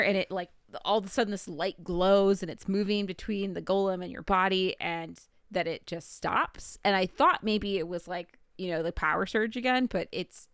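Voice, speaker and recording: A woman's voice: mid-range voice, a bit bright, no room sound, clean studio sound. A woman co-hosting a podcast, chatting casually and describing scenes at length with lots of "like"s. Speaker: podcast co-host recapping a show. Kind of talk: casual chat.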